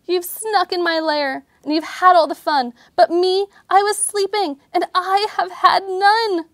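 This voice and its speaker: A woman's voice: very high-pitched, steady tone, measured pace, fairly bright tone, dry recording, clean studio sound, voice pushed up. A woman voicing a big male brown bear in a storybook, whiny and complaining. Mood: whining.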